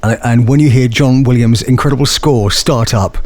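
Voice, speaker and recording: A man's voice: medium pitch, normal speed, a little mellow. Enthusiastic man in an interview. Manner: enthusiastic, self-mocking. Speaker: voice actor and guest. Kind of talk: animated interview chat.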